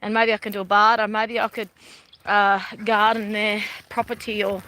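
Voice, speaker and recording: A woman's voice: mid-range voice, little pitch movement, moderate pace, pushed and bright, slight background noise. A middle-aged Australian woman chatting casually on a live stream while she walks outdoors by a river, rambling and often laughing. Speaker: vlogger.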